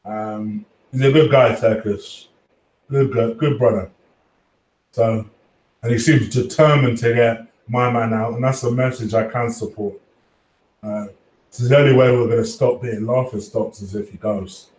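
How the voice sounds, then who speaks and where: A man hosting a casual fan live stream, reading chat, swearing freely and giving shout-outs to viewers. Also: medium pitch, steady tone, a little slow, far from the mic. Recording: echoey room, voice off-mic at times.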